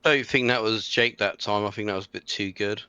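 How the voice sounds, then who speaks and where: A man's voice: fairly low pitch, steady tone, a little fast, sharp tone, smooth, dull audio. A man playing a tabletop game, hesitantly asking about the rules and his character's actions. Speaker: player. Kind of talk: casual tabletop game chat.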